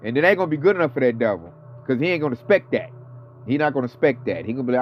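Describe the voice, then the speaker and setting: A man's voice: mid-range voice, expressive, racing, slight background noise. A man in his thirties or forties giving a casual, fired-up sermon, slangy and profane. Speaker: preacher. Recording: dull lo-fi audio with faint music.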